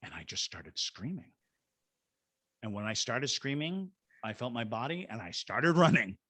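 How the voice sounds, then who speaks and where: Husky-voiced man telling a spooky story. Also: mid-range voice, normal speed, dry recording. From Georgia, United States. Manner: animated storyteller acting out quoted voices. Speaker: guest, paranormal investigator and ghost tour guide. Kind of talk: storytelling in a podcast interview.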